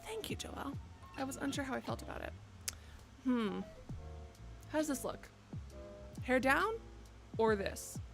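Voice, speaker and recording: A woman's voice: high-pitched, big pitch swings, a little slow, vocal fry, pauses often, over music. A young woman streaming from her bedroom, rambling, joking and swearing a lot as she chats. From United States. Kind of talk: casual live-stream chat.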